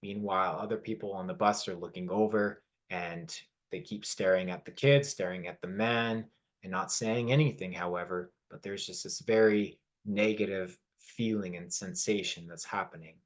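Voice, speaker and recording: A man's voice: low-pitched, fairly even intonation, moderate pace. A man giving an earnest motivational lesson, with fillers and hesitations, leaning on key words. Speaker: personal development teacher.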